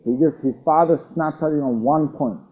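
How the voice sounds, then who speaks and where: A man's voice: on the high side, normal speed, warm tone, low-quality recording. A man giving a recorded religious lecture, reciting Arabic verses and explaining them in with earnest repetition. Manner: recites Quranic Arabic, then explains it in English; earnest, repeats phrases with restarts. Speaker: Islamic teacher.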